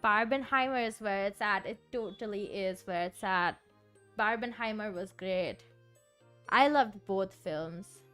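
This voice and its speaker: A woman's voice: medium pitch, a little slow, clean tone. A young woman streamer chatting casually and rambling, often giggling and saying "like". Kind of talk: casual chat while composing music. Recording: faint background music. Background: soft background music.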